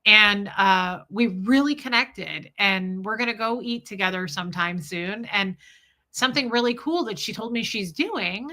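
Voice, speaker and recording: A woman's voice: mid-range voice, a little slow, sharp tone. A woman vlogger telling a story to her viewers and answering their comments in a candid, chatty way, often laughing and addressing the audience.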